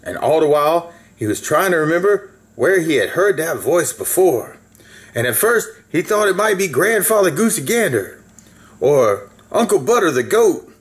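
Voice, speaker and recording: A man's voice: fairly high pitch, big pitch swings, normal speed. A man reading a children's story aloud in a folksy way, with asides to the listener.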